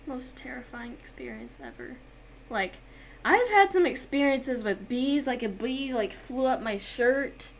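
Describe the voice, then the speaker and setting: A young woman who makes art and gaming videos on YouTube chats casually while drawing on stream, reading chat aloud and telling stories punctuated by sudden dramatic outbursts. Her voice is a little high, sing-song, and a little slow, over faint background noise.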